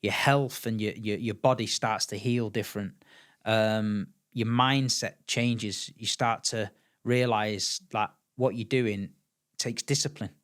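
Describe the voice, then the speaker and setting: Low-ish and slow, this middle-aged man from England chats casually as a podcast guest. He tells his stories with animation, doing the voices of the people he quotes and repeating words.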